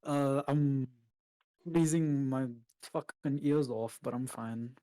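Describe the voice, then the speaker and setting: A man's voice: medium pitch, takes it slowly, mellow, clear, resonant tone, no echo. A man joining a casual voice chat, wry and casually swearing.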